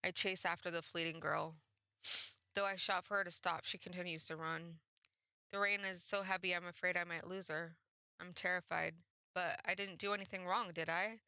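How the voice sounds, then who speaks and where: A woman's voice: fairly low pitch, fairly even intonation, normal speed, sharp tone, no room sound. A woman reading as a desperate young nobleman. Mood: desperate pleading. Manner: earnest, pleading, emotional delivery. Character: anguished young nobleman pleading with a girl. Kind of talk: reading a visual novel aloud. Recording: dull, slightly muffled dry recording.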